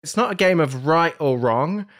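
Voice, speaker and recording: A man's voice: a little high, animated, moderate pace, fairly bright tone. A man hosting a podcast game show in a playful, jokey way. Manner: playful, jokey, self-mocking.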